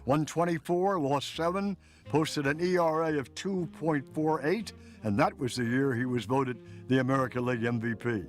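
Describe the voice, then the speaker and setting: A man giving scripted documentary narration in a measured, storytelling way. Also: on the high side.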